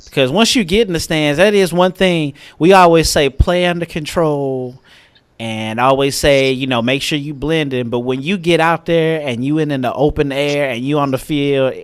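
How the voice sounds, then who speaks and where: A man's voice: medium pitch, clean tone. A young adult man co-hosting a podcast in easygoing, casual conversation, often checking in with the listener. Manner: easygoing, conversational, often adding "you know what I'm saying". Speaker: podcast co-host.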